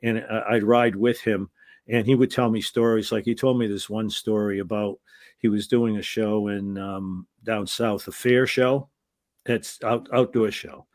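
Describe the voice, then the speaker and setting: A man's voice: lowish voice, measured pace, no echo, clean studio sound. An older man, a former wrestling referee, telling rambling anecdotes as an interview guest, often restarting his sentences. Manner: rambling anecdotal storyteller with restarts, lively when telling the punchline. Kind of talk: casual storytelling interview.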